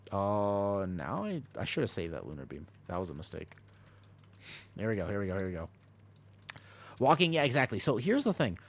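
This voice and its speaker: Excitable man narrating his gameplay. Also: lowish voice. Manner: talks fast over gameplay, jumps between coaching and chatting. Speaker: streamer. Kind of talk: live gameplay commentary and chat. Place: home streaming room.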